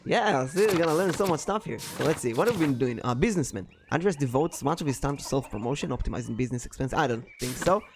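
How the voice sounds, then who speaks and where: A man's voice: mid-range voice, animated, fast, few pauses, slight background noise. Rambling man. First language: Danish. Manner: rambling, self-correcting, laughs easily. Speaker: streamer playing a game. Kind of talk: casual let's-play commentary.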